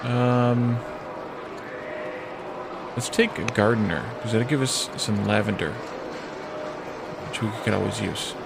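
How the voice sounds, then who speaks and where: Heavy background noise surrounds this man's gravelly, lowish voice as he casually plays a strategy game on stream. His let's-play talk is halting, full of pauses and restarts, as he muses aloud and reads on-screen event text.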